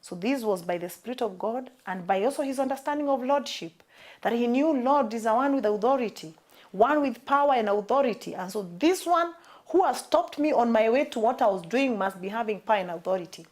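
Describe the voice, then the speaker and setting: A woman's voice: a little high, brisk, a little mellow. Emphatic Kenyan woman preaching a sermon. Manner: emphatic, repeats key phrases.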